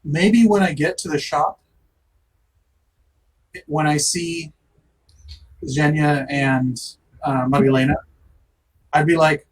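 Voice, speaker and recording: A man's voice: on the high side, steady tone, slow pace, pauses often, far from the mic, low-quality recording. A man playing in a tabletop game, chatting casually and rambling over a voice call. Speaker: player.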